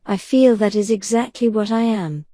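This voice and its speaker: Wendy, a prim motherly little girl, read softly by a woman. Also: medium pitch, normal speed, no echo, lightly acted. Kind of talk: soft bedtime story reading.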